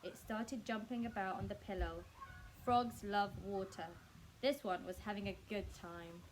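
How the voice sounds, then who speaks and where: A woman reading a children's book aloud in a staff room, expressive and speaking directly to her young listeners. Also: medium pitch, measured pace, slight background noise, poor audio. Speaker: storyteller.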